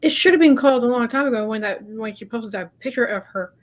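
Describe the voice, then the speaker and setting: A woman's voice: fairly high pitch, lively intonation, quick pace. Upset woman in a group chat. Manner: upset and questioning, apologetic about swearing. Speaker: chat participant.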